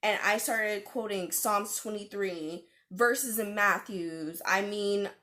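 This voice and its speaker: A young woman vlogger telling a personal story in a casual, animated way, with fillers and laughs. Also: medium pitch, slow pace.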